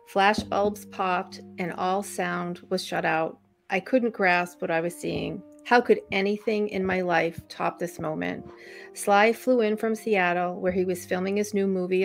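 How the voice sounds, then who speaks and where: A woman's voice: lowish voice, steady tone, a little slow, vocal fry, faint music behind. A woman reading a first-person memoir chapter aloud as a podcast co-host.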